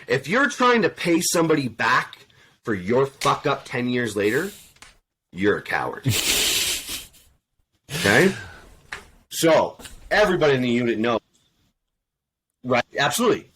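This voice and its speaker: A man's voice: mid-range voice, a little slow, pauses often, slightly rough. A man, a podcast panel guest, telling an army story bluntly and profanely, swearing constantly and acting out the dialogue. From Canada. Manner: animated, acts out quoted dialogue. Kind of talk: casual storytelling in a round table.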